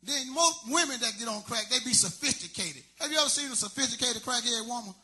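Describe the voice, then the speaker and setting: A man's voice: very high voice, expressive, fast talker, sharp tone. A man doing a stand-up comedy set, telling loose, rambling stories full of street slang.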